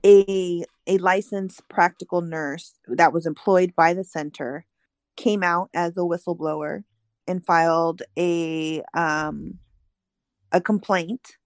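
A woman with a slightly low voice talks through a news story she is reading on the spot. She fills pauses with ums and restarts her sentences. The sound is dry and close. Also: steady tone, no echo. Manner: explanatory, reads aloud with many ums. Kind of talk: casual podcast discussion.

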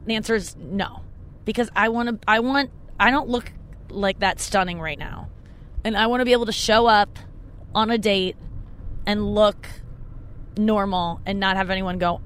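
A woman's voice: medium pitch, fairly even intonation, normal speed, a little hiss or hum. A young woman hosting her podcast, rambling in a casual, chatty monologue with frequent swearing. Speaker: podcast host.

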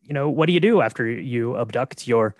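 A man co-hosting a podcast, recapping a film in a relaxed, halting way with many fillers. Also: mid-range voice, no echo. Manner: laid-back, halting, lots of uh and you know. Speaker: podcast co-host. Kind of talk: casual movie recap chat.

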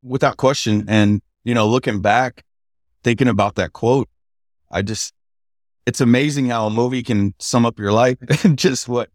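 A middle-aged man from the United States, a podcast guest telling lively stories and laughing as he goes. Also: medium pitch, normal speed, no room sound, clean studio sound. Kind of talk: casual storytelling chat.

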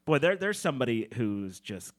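A man's voice: medium pitch, sing-song. A man hosting a casual comedy podcast in a studio, joking and teasing his co-host and guest. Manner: jokey, self-deprecating, quick asides. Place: radio studio.

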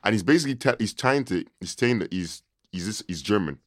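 A young man co-hosting a podcast, telling stories in a slangy, halting way. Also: on the low side, expressive, a bit bright, dry recording, clean studio sound. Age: young adult. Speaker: podcast co-host. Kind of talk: casual storytelling chat.

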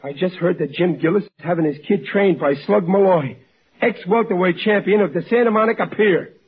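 An actor playing a blustering, boastful working-class father with a husky, raspy voice, stammering through 1940s radio comedy. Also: high voice, normal speed. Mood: scheming. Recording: lo-fi old radio recording.

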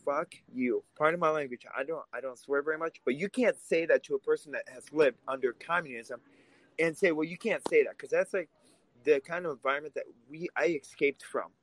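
A man's voice: on the high side, brisk, dry recording, low-quality recording. A man from Russia, co-hosting a political podcast and talking in a heated, emphatic way. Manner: heated, emphatic, swears when angry. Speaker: podcast co-host.

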